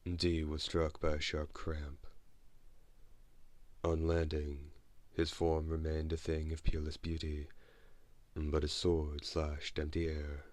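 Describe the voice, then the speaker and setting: A man reading an audiobook as narrator, in a measured, steady way. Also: rumbling low, no echo. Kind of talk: scripted narration.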